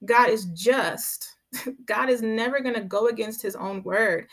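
Higher-voiced woman teaching scripture emphatically. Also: a little slow. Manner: emphatic, keeps checking in with "right?"; drives points home by repeating phrases. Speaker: podcast host and Bible teacher. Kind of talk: conversational Bible teaching.

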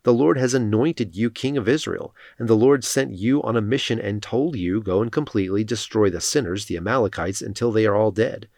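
A stern older prophet rebuking a disobedient king, read by a man in his own low voice. The delivery is solemn and steady, and the sound is close and dry, with no room echo. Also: a little fast, vocal fry, few pauses.

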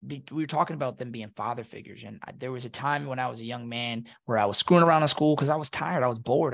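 A man, a Marine veteran guest, telling a personal story in a reflective, halting way with many restarts. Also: medium pitch, gravelly, a bit bright. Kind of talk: emotional storytelling.

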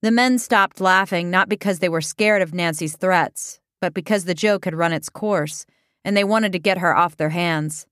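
Deadpan woman reading a story. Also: fairly low pitch, normal speed, no echo, studio quality. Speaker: narrator. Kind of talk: reading a comic story aloud.

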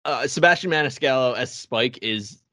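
Relaxed man chatting on a dry mic. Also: medium pitch, normal speed, no echo. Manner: relaxed, filler-heavy, agreeable. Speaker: podcast co-host. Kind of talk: casual chat.

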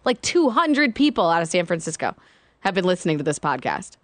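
A woman in her thirties co-hosting a podcast, retelling stories in a lively, dramatic way. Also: on the low side, fairly quick, dry recording. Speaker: podcast co-host. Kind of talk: casual chat.

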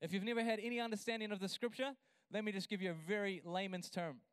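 A man preaching a sermon as a pastor, building to emphatic, drawn-out lines and breaking into chatty asides with a laugh. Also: high-pitched, steady tone, a bit bright, clear, resonant tone, dry recording, clean studio sound.

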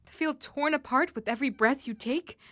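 A woman's voice: high voice, bright, forceful tone, no echo. A woman voicing a distressed young office worker. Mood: anguished. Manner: halting, emotional confessional lines. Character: young woman harassed at work after an assault. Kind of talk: spoken word drama.

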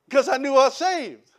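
A man preaching a sermon, telling his testimony in an animated storytelling way and quoting other people. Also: very high voice, highs cut off. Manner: animated storytelling with quoted voices.

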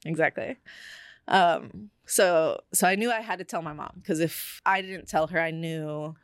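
A woman's voice: lowish voice, a little slow, no echo, clean studio sound. A young woman on a podcast, candidly telling a personal story in casual chat, with many fillers. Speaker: podcast co-host.

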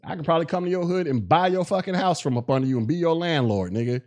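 A man's voice: on the high side, quick pace, a little mellow. A man hosting a podcast, speaking in with blunt, mocking commentary and laughing at his own jokes. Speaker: podcast host. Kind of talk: casual commentary.

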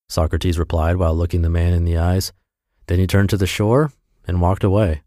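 A man's voice: sits low, level tone, moderate pace, mellow, no echo, studio quality. A man narrating a self-help blog post for his podcast in an upbeat, emphatic reading voice.

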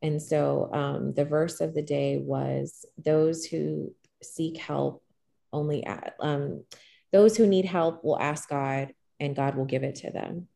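A middle-aged woman, a guest telling a personal story in conversation, calm and even-keeled, with frequent fillers and restarts. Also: takes it slowly. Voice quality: gravelly low voice.

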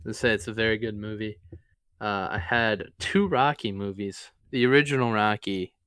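Easygoing man with a smooth voice. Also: on the low side, fairly even intonation, normal speed, fairly bright tone, dry recording. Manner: loose and conversational, ranking favorites with easygoing asides. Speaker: podcast co-host. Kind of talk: casual sports podcast chat.

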